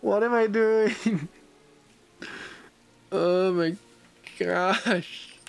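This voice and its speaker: A man streams a video game, grumbling in frustration and calling himself an idiot as he plays in casual commentary. His high, gravelly voice is extremely slow with fairly even intonation, and faint music plays behind him.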